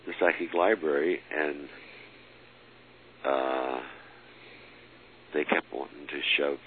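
A man telling a personal story as an interviewee, halting with many fillers and restarts and chuckling as he goes. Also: rumbling low, fairly even intonation. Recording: lo-fi phone-like recording with faint hiss.

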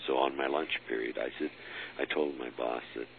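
A man telling a personal story as an interviewee, halting with many fillers and restarts and chuckling as he goes. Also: a bass voice, steady tone, gravelly. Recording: lo-fi phone-like recording with faint hiss.

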